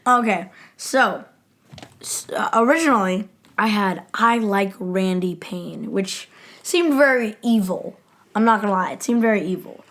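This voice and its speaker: A woman's voice: medium pitch, unhurried, a bit bright. A woman co-hosting a podcast in casual chat, joking about herself and laughing along. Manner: self-deprecating, laughing along. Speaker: podcast co-host.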